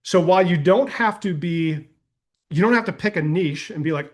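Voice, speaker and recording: A man hosting a live question-and-answer call, coaching attendees in a folksy, energetic way and telling anecdotes. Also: sits high, normal speed. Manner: energetic and folksy, uses "y'all", tells anecdotes. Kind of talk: casual webinar Q&A.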